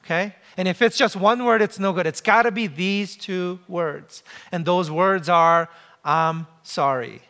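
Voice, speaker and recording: A man's voice: high voice, unhurried, hardly any pauses, pushed and bright. A man in his forties giving a sermon in a conversational, humorous way, asking the listeners questions. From came to the US as a child. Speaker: pastor.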